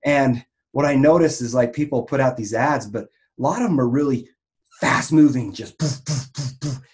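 A man in the vegan health trade talks through marketing lessons in a loose, conversational way. His voice sits at an ordinary middle pitch, and he keeps restarting his sentences and leaning on fillers. He turns animated whenever he acts out an example. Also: moderate pace. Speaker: online marketer in the raw vegan health business. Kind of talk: casual teaching talk on marketing.

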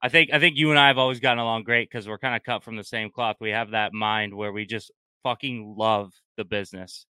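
A man's voice: lowish voice, fairly even intonation, brisk, bright, forceful tone, clean tone, no room sound. A man guesting on a casual podcast, talking enthusiastically with lots of restarts and frequent use of man. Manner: enthusiastic, many restarts, says man a lot.

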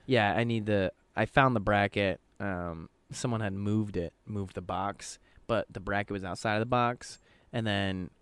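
A man's voice: lowish voice, unhurried, hardly any pauses, a bit bright, clean tone, no echo. A man co-hosting a podcast, talking in a rambling, casual way and swearing often. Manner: rambling, swears often, quotes others in his own voice. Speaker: podcast co-host.

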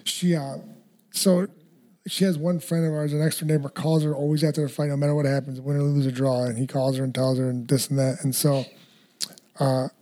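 Young male guest, animated slangy storyteller, rapid delivery. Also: medium pitch. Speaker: guest, fighter. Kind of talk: casual storytelling.

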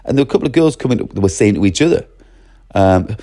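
A middle-aged man giving an expressive, lively training talk to teachers, acting out classroom voices as he goes. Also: fairly low pitch, fast, no echo, clean studio sound.

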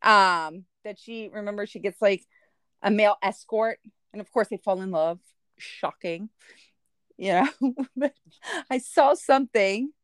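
A woman's voice: mid-range voice, measured pace, long pauses, smooth, dry recording, clean studio sound. A woman chatting casually as maid of honor, blunt and playful, often laughing. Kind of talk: casual chat.

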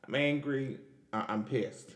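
A man's voice: medium pitch, unhurried. Chatty young man riffing on news. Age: 20s. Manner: chatty, animated, many restarts and laughs. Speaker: podcast host. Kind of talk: casual news commentary.

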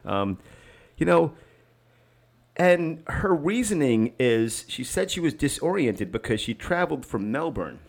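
A man's voice: a little high, very animated, measured pace, creaky. A man co-hosting a casual comedy podcast, telling stories with jokes, swearing and frequent laughter. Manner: joking, profane storyteller who laughs often. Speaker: podcast co-host.

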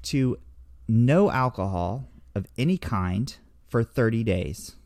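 A man's voice: mid-range voice, lively intonation, takes it slowly, a little mellow, no echo, studio quality. A man hosting a podcast in casual banter, playful and mock-formal, swearing as he goes. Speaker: podcast host.

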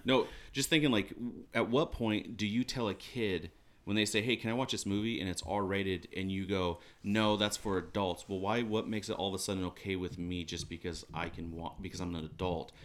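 A man's voice: low voice, fairly even intonation, a little fast. A man co-hosting a casual faith podcast, talking earnestly and rambling with many restarts. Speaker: podcast co-host.

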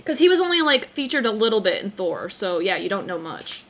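A woman's voice: mid-range voice, very animated, brisk, heavy background noise. A young woman in casual chat, recapping a film with friends, swearing freely and acting out lines. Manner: swears freely, acts out quotes, laughs often. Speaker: podcast co-host recapping a film.

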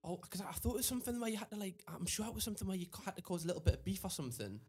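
A man co-hosting a casual podcast, firing off curious questions. He talks fast. His voice sits high. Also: very animated, slightly rough. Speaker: podcast co-host. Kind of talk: casual chat.

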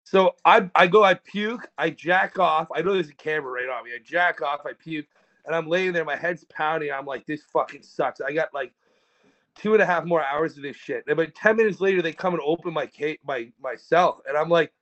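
A man's voice: a little high, fairly quick, fairly bright tone, muffled recording. A man telling rambling, profane stories in a casual podcast chat. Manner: rambling and profane, with frequent restarts. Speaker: podcast co-host.

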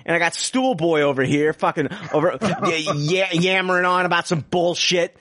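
A man's voice: fairly high pitch, moderate pace, pushed and bright, no echo, clean studio sound. A man co-hosting a podcast, ranting with heavy swearing and mocking voices in casual chat. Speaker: podcast co-host.

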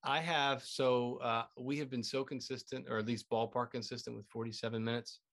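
A woman's voice: rumbling low, fairly even intonation, fairly quick. A woman co-hosting a podcast in casual chat, playful and giggly. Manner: playful, giggly, puts on silly voices. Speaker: podcast co-host.

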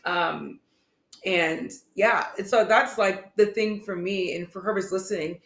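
A woman's voice: medium pitch, measured pace, fairly bright tone. Earnest young woman rambling in an echoey room. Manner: earnest, rambling, heavy use of "like". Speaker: podcast co-host. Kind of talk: casual chat.

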